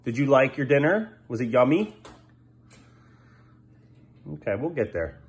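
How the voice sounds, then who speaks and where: A man's voice: mid-range voice, big pitch swings, measured pace, slight background noise. A father filming a home vlog, firmly repeating short commands to his child as he tidies up indoors. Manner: firm, repetitive commands to a child. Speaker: father and vlogger.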